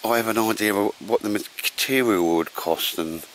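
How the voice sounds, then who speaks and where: Low-voiced male vlogger, slangy and chatty, recorded outdoors with light background noise. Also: moderate pace, a bit bright. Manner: chatty, slangy, keeps saying ladies and gents. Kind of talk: casual camping vlog walkthrough. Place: outdoors at a campsite.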